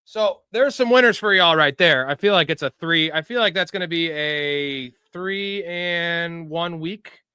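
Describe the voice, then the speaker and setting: A man's voice: a little high, a little slow, few pauses, sharp tone, clear, resonant tone, no echo, studio quality. Hyped, profane young man hosting a livestream. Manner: loose, profane, hyped-up bro talk. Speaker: host of a live sports betting and fantasy show. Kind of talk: casual livestream chat answering viewer questions.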